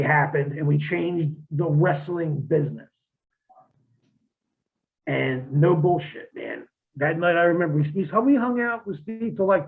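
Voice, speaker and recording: A man with a notably high speaking voice tells salty wrestling-road stories and slips into quoting the people in them. His sound comes through thin and boxy, as if over a phone line. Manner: profane, vivid storyteller who acts out quotes. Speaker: guest, former pro wrestler. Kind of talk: casual storytelling interview.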